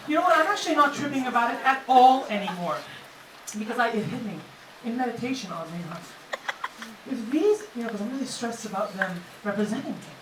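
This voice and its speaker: A woman's voice: high voice, animated, a little fast. A woman performing a brash, mocking stand-up comedy set on a comedy club stage. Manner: brash, mocking, punchy delivery. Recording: echoey club from far off, noisy. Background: audience laughter.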